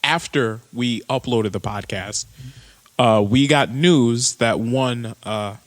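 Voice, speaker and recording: A man's voice: mid-range voice, slow pace, big-room sound. A young man co-hosting a podcast in easygoing, chatty talk, telling anecdotes. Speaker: podcast co-host. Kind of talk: casual chat.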